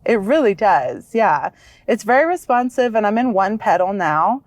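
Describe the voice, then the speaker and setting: A woman co-hosting a car review vlog, chatting casually and excitedly, laughing easily, from inside a vehicle and beside it. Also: medium pitch, normal speed, no room sound. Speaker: vlog co-host.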